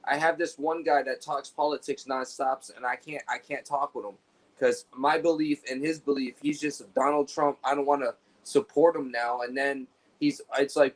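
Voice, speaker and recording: A man's voice: medium pitch, steady tone, moderate pace, low-quality recording. A man talking casually and profanely, rambling through stories about his work as a store clerk. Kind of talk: casual chat.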